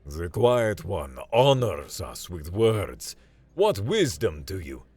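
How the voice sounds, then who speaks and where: A man voicing a hulking alien prison guard who speaks in a slow, grave, formal way. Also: very deep voice, very animated, husky, no room sound, pitched below the performer's own voice, exaggerated voice. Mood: solemn.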